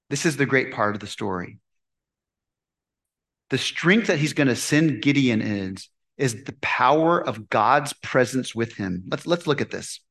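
A male pastor preaching with lots of movement in his voice, rising and falling as he asks questions and answers them himself. His voice sits a little high for a man. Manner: animated, asks the congregation questions. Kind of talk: sermon.

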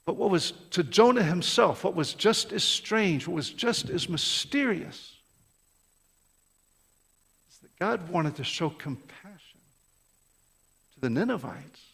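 A man's voice: high-pitched, lively intonation, takes it slowly, gravelly, pauses often, a bit bright, husky. A male pastor delivering an impassioned sermon, full of rhetorical questions and repeated words, in a church. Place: church sanctuary. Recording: long reverb of a large hall.

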